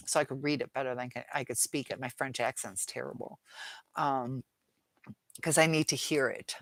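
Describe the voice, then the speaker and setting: A woman's voice: rumbling low, a bit bright, a little hiss or hum. A middle-aged woman hosting a live chat, rambling casually through viewer comments and laughing often.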